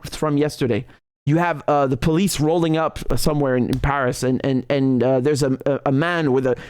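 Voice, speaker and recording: A man's voice: on the high side, no echo. A man hosting a live political commentary show, talking indignantly and sarcastically with many restarts. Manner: frequent restarts. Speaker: host.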